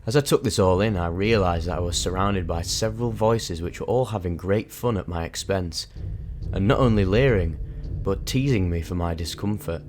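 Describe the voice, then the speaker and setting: A man's voice: sits low, moderate pace, darkish tone, a little hiss or hum. A man narrating a harrowing personal experience in vivid, intense, emphatic storytelling. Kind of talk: dramatic first-person storytelling.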